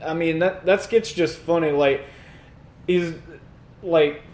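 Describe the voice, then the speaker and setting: A man co-hosting a podcast in casual chat, laughing often and breaking into animated voices to quote sketches. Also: fairly high pitch, takes it slowly, echoey room. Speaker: podcast co-host.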